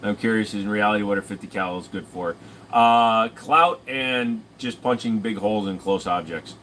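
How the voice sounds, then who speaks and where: A man's voice: on the low side, moderate pace, fairly bright tone, slight background noise. A young man casually answering chat on a stream, rambling and cracking profane jokes.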